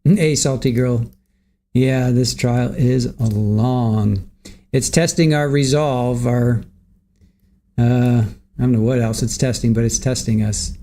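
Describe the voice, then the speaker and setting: A man's voice: medium pitch, fairly even intonation, slow pace, dark tone. A man hosting a livestream, greeting viewers from the chat by name and chatting casually while waiting for court to start. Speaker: livestream host.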